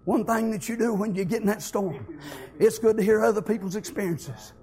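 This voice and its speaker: A male preacher, telling stories in a fervent sermon that builds to impassioned shouting. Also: sits high, expressive, fairly quick.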